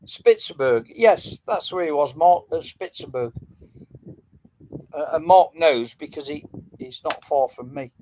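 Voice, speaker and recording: A man's voice: fairly high pitch, lively intonation, measured pace, dark tone, a little hiss or hum, poor audio. A middle-aged man, rambling casually as he hosts a livestream quiz and chats with viewers. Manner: chatty, rambling, answering comments.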